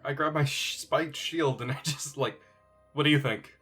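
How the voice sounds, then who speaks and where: A man playing a tabletop game, animated and excitable, often laughing. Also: a little high, normal speed, breathy edge, faint music behind. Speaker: player. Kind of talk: casual tabletop play.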